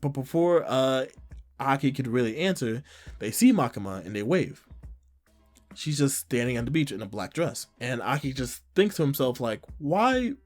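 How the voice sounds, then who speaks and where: Casual male reviewer, mid-pitch voice, faint music playing under him, recaps scenes loosely. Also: lively intonation, normal speed. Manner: retells scenes with frequent "like" and short quoted lines. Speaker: manga chapter reviewer.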